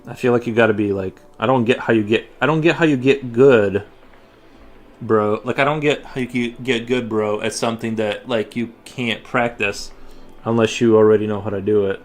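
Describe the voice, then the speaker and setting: A man with a mid-range, fairly even voice chats casually on a livestream at normal speed while drawing in his home studio, with soft music playing behind him. He rambles, restarting often and using plenty of fillers.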